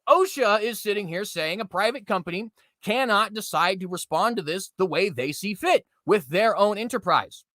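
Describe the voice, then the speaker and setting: Sarcastic young man, lively pitch. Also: dry recording, studio quality. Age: 20s. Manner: sarcastic, mocking, jumps into loud outbursts. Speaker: commentary host. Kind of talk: political commentary reading news aloud.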